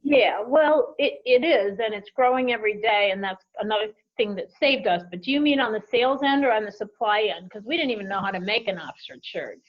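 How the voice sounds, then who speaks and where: A woman's voice: mid-range voice, brisk, hardly any pauses. A woman running an apparel company, telling business stories in a conversational interview and acting out quoted voices along the way. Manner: animated anecdotes with lively quoted voices. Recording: dull lo-fi audio.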